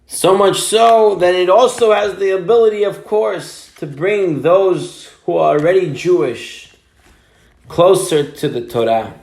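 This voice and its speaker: A man's voice: high-pitched, a little slow, creaky, darkish tone. A man preaching as a rabbi, emphatic, telling a story and mixing in Hebrew and Yiddish terms. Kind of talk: sermon with storytelling. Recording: roomy echo.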